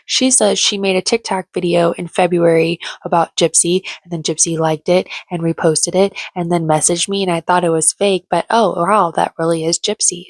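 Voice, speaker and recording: A woman's voice: lowish voice, no room sound. A young woman recapping a reality show in casual, gossipy, sarcastic chat. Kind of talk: casual chatty commentary.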